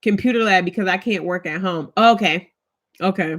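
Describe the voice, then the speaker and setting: A woman in her thirties chatting casually with her viewers as a vlogger, telling stories in an animated, colloquial way. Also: fairly low pitch, normal speed. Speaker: vlogger host.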